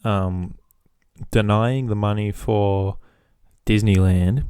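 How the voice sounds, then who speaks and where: A man's voice: fairly low pitch, warm tone, smooth, dry recording, clean studio sound. A young Australian man hosting a solo podcast, rambling casually and swearing freely. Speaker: podcast host.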